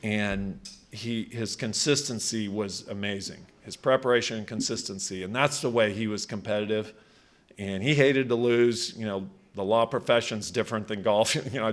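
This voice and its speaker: A hall of fame inductee in his sixties gives a relaxed acceptance speech at a country club event, speaking at a normal speed in a fairly low voice. He shares personal stories conversationally, full of fillers, restarted phrases, and trailing thoughts.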